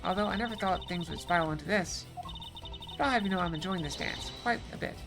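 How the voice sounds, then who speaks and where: A woman's voice: lowish voice, fast, music in the background, close to an everyday voice. A woman voicing a sly, mocking young female suspect from a video game, reading her lines aloud. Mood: taunting.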